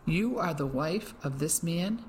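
A woman's voice: deep voice, expressive, a little slow, darkish tone, a little hiss or hum. A woman voicing a sneering German officer. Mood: menacing. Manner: cold, mocking. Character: stern male German wartime officer, sneering.

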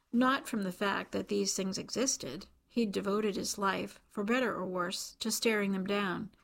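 Woman reading a book on radio, kinda gravelly low-key voice, steady. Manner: calm, measured reading with voiced dialogue. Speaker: volunteer reader.

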